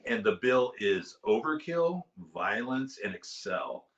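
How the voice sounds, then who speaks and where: A man in his fifties telling a wild story in casual chat on a video call, animated and excitable. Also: mid-range voice, slow, lo-fi sound. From California. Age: 50s. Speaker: guest musician.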